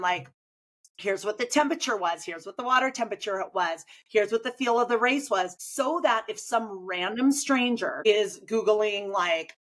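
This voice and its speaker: Chatty woman coach, animated storytelling. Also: mid-range voice. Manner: chatty, animated, acts out quoted remarks. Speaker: coach and podcast host. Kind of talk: casual conversation.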